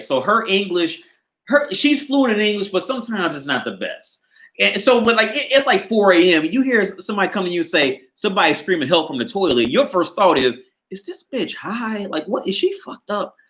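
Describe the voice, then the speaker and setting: Laughing often and swearing freely, a livestream host recounts a story from his small apartment on a hand-held phone or camera. He has a high, sharp-toned, sing-song voice and speaks fairly quickly.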